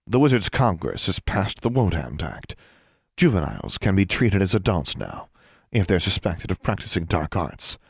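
A man voicing a stern, icy older female witch inquisitor, calm and clipped, in a dry, close recording. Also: sits low, normal speed, vocal fry, breathy edge, dry recording, full character voice. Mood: lecturing. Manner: cold, clipped, calmly threatening. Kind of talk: audiobook character reading.

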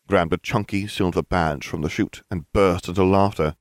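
A man narrating a story in an expressive reading. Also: deep voice, unhurried, dry recording.

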